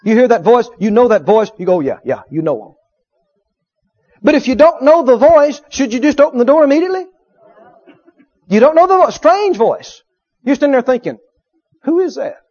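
A man preaching a sermon, animated, acting out little dialogues and swinging from loud to hushed. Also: very high-pitched, brisk. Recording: dull lo-fi sermon recording.

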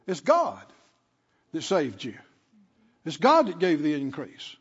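A man's voice: fairly high pitch, sing-song, measured pace, pauses often, husky. A man preaching a sermon as pastor, leading call-and-response and repeating phrases with emphasis. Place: church sanctuary. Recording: long reverb, dull lo-fi sound.

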